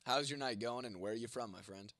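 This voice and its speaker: Profane, rambling livestream host, dry sound. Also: male voice, mid-range voice, quick pace, fairly bright tone, no room sound. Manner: profane, rambling, talks straight to viewers. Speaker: livestream host reading chat. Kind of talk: casual live-stream chat.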